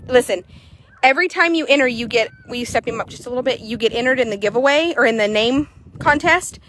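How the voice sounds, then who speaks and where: A woman, chatting excitably to viewers while showing a horse for sale in an arena. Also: fairly high pitch, slight background noise. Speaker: horse seller. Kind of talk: casual sales chat while riding.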